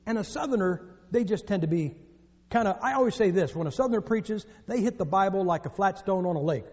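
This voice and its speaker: A man's voice: high-pitched, expressive, a little fast, darkish tone. A man from the northern United States preaching a sermon, telling jokes and stories with emphatic delivery. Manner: joking, storytelling, emphatic. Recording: echoey hall, dull lo-fi.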